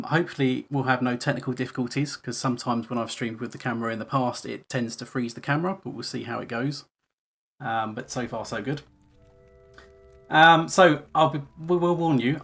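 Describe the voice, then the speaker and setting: A man streaming a game, chatting casually with lots of fillers and reading quest text aloud. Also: medium pitch. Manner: relaxed, rambling with many fillers. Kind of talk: casual let's-play commentary.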